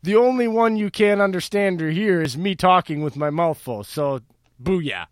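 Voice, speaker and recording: A man's voice: high-pitched, expressive, moderate pace, dry recording. A man co-hosting a casual sports podcast, teasing his co-hosts and laughing often. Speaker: podcast co-host.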